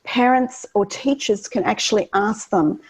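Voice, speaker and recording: An earnest woman speaking as an interview guest, walking through practical calming methods for children. She talks at a medium pitch in an explanatory, teacherly tone. She often pauses with ums and circles back to restart her sentences. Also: breathy edge, low-quality recording. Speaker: guest educator on children's wellbeing.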